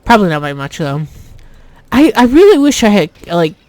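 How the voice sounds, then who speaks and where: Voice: medium pitch, sing-song, moderate pace, a little mellow, a little hiss or hum. A YouTuber giving casual let's play commentary, rambling and self-deprecating, with plenty of swearing and restarts. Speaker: YouTuber playing a game.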